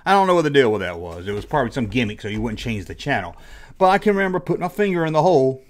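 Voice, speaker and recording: A middle-aged man hosting a casual nostalgic vlog, jokey and animated, often acting out his own childhood reactions. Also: mid-range voice, rapid-fire. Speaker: host.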